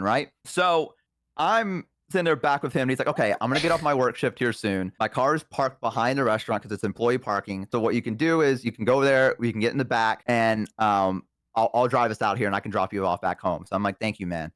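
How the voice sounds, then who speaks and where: A young man recounts an anecdote in an animated storyteller's voice, jumping up in pitch when he quotes people and stumbling through nervous fillers. His voice sits at an ordinary middle pitch and comes through a close, dry mic with no room sound. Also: fairly quick, dry recording. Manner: animated storytelling, acting out quoted lines with rising pitch and hesitations. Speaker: storyteller guest. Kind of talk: casual anecdote on a stream.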